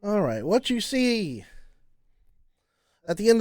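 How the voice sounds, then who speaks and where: Guy running a tabletop game, slow and halting, lots of uhs, slightly high voice. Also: very animated, darkish tone, dry recording, clean studio sound. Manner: slow, halting narration with many fillers. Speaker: game master.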